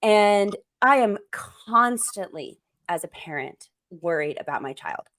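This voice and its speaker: A woman's voice: medium pitch, animated, takes it slowly, fairly bright tone. A middle-aged woman hosting a parenting show, thinking aloud in a reflective, conversational way. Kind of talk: conversational podcast talk.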